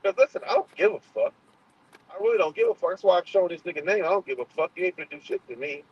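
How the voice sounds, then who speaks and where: A man's voice: high voice, lively intonation, racing, slightly rough. A man hosting a casual livestream, heated and profane, often restarting his sentences. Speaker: channel host. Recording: muffled lo-fi sound.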